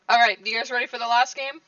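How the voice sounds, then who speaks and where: A woman with a bright, high-leaning voice gives loose, playful commentary while gaming with friends, laughing easily. The sound is dry and a little dull, as if she sits back from the mic. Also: no echo, far from the mic. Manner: laughs often, playful reactions. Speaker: gaming streamer. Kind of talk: casual gameplay commentary.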